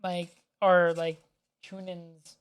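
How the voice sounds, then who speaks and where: A man co-hosting a casual podcast chat, animated and swearing freely as he acts out scenes in quoted voices. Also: sits high, slow, smooth. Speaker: podcast co-host.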